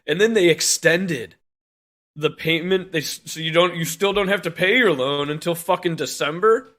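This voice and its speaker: A man with a bright, somewhat high voice co-hosts a podcast in a furious, profane rant. He swears in nearly every sentence and breaks into laughter between outbursts. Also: moderate pace. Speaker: podcast co-host.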